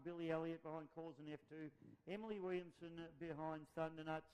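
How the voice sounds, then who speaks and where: Smooth-voiced man calling a race. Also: a little high, fast talker, low-quality recording. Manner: energetic play-by-play calls. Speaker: race commentator. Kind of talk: live race commentary.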